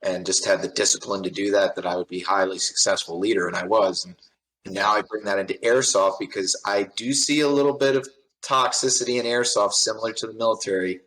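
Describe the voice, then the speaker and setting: A man's voice: on the low side, steady tone, quick pace, a bit bright, low-quality recording. Man telling blunt stories as a guest. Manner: storytelling, acts out quoted people in raised voices; blunt and profane. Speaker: podcast guest, airsoft company owner. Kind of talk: casual podcast conversation.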